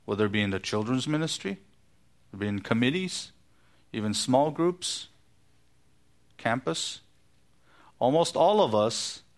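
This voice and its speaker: A man preaching an expository sermon in a church, explaining Greek grammar with an emphatic, teacherly manner. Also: mid-range voice. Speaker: pastor.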